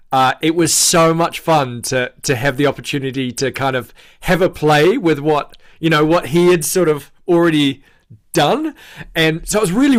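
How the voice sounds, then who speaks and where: A man's voice: a little high, clean tone. A man with a New Zealand accent, a guest actor chatting casually on a video call, rambling politely and correcting himself as he goes. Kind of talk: casual interview chat.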